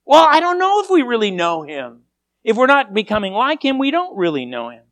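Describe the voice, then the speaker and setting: Mid-range in pitch and a little fast, a preacher recounts a story in his sermon with big shifts in intonation that hold attention. Lines repeatedly begin again on the same word, and the whole delivery feels animated and chatty.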